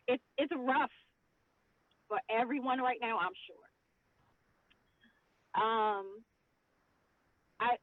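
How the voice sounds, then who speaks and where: A woman's voice: a little high, dry recording. A woman guest talking and performing spoken word poetry in an impassioned, rhythmic, emotional way, heard over a video call. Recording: dry, tinny phone-like audio.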